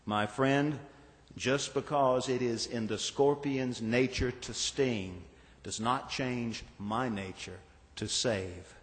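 A man voicing a calm, gentle old man who speaks softly, in a reverberant hall. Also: mid-range voice, slow, natural voice. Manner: calm, soft.

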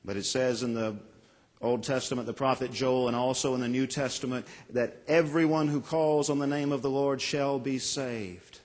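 A man preaching a sermon as pastor, earnest, with dramatic pauses and voiced quotes. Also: medium pitch, long reverb tail.

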